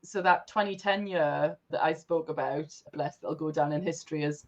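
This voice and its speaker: A woman's voice: low-pitched, moderate pace, darkish tone, lo-fi sound. A woman from the North East of England, telling stories as a guest in a podcast interview.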